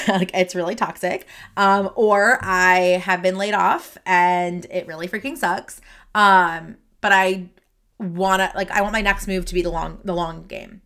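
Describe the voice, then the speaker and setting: A woman's voice: lowish voice, fairly even intonation, unhurried, a bit bright. Chatty, emotional woman podcast host. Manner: chatty, many fillers and restarts, laughs often. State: emotional, teary and sniffly. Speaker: podcast host and career coach. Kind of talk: casual solo podcast monologue. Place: her office, alone.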